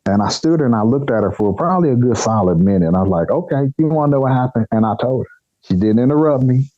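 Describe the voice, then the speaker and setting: A man telling a story as a podcast guest, in a blunt, colloquial, animated way, acting out the other people's lines. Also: mid-range voice, no echo, lo-fi sound. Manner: animated, acts out dialogue in other voices; colloquial, blunt, swears casually. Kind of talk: storytelling anecdote.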